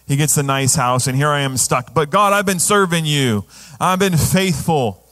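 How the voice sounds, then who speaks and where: A man's voice: fairly high pitch, lively intonation, moderate pace, fairly bright tone. A man playing a grumbling churchgoer who feels overlooked, in a complaining, self-pitying way. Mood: whiny.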